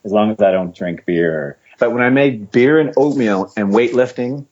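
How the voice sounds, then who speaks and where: A man's voice: fairly low pitch, normal speed, lo-fi sound. A middle-aged man, a retired fighter, telling stories in a casual interview, laughing and poking fun at himself. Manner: laughing, self-mocking, animated storyteller.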